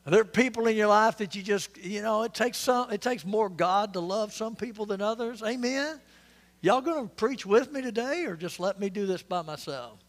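A man's voice: high-pitched, moderate pace, in a large hall. A male pastor, preaching an interactive, joking sermon and questioning his congregation. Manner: conversational, quizzing the congregation, joking asides. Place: church sanctuary.

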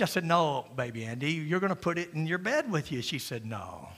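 An older man preaching a sermon in a folksy, joking way, moving between loud preaching and quiet asides. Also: a little high, big pitch swings, moderate pace, hardly any pauses, long reverb tail. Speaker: pastor. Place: church sanctuary.

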